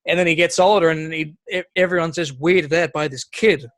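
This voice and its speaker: Sweary man, fairly high voice. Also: fairly quick. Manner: swears freely, animated storytelling. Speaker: podcast co-host. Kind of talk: casual chat.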